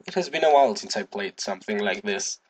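Excitable man doing gameplay commentary. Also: fast, noisy background. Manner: excitable, swearing, hums to himself, sudden high yelps. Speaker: gaming video host.

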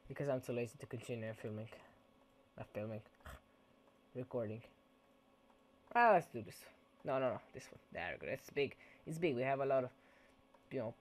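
A man's voice: medium pitch, slight background noise. A man giving casual gameplay commentary in a goofy, playful way, dropping mock-Italian exclamations.

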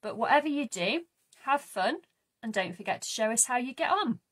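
A woman's voice: a little high, expressive, moderate pace, a bit bright, husky. A woman demonstrating a simple craft in a friendly tutorial. She explains each step plainly and encourages viewers to have a go.

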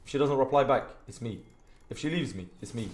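A young British man streaming a game, commentating live with profane trash talk and sudden shouts. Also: mid-range voice, fairly quick. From Britain. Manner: trash-talking, profane, erupts into shouts and sing-song bits. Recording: roomy with faint background hiss.

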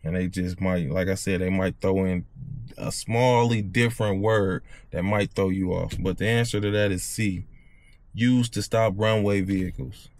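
A man's voice: low-pitched, steady tone, a little mellow, slight background noise. A man, reading driving test questions aloud and explaining the answers in loose, casual talk. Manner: reads questions slowly, then explains in loose slang. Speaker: CDL test tutor.

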